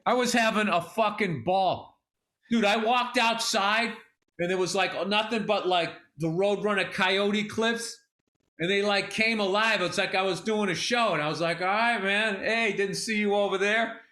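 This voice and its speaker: A middle-aged man on a casual comedy podcast, telling an animated story full of swearing. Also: high voice, normal speed. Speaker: podcast co-host.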